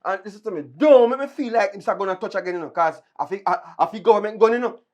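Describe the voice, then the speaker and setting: A hot-tempered Jamaican police officer, played by a woman, arguing in heated, defensive Patois. The voice sits at an ordinary middle pitch. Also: fast, a little mellow, close to an everyday voice. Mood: firm. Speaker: actor in a Jamaican film. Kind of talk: film acting.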